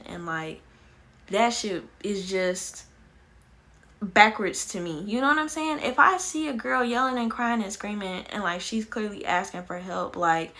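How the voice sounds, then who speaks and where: A young woman vlogger telling her own story candidly, animated, blunt and swearing freely. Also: mid-range voice. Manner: animated, blunt and profane, many fillers.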